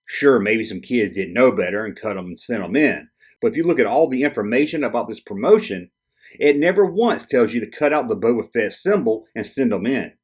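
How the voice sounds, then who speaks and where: A man of middle pitch talks casually to camera about old toys. His intonation rises and falls a great deal. He sounds like a relaxed hobby host who likes quizzing his viewers. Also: a little fast, breathy edge. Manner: conversational, asks viewers questions. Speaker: toy collector video host. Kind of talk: casual explanatory chat to camera.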